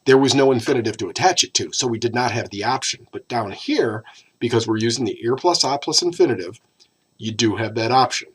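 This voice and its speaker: A man teaching a recorded Spanish grammar lesson, explaining patiently and drawing out key words slowly. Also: medium pitch, lively intonation, breathy edge.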